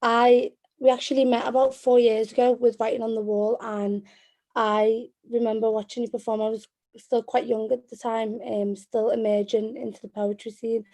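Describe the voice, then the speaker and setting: Scouse woman doing spoken word, slow rhythmic delivery, bit high and mellow. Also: little pitch movement. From Liverpool, England. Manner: measured, rhythmic recitation. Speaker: poet. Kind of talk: spoken word poetry performance.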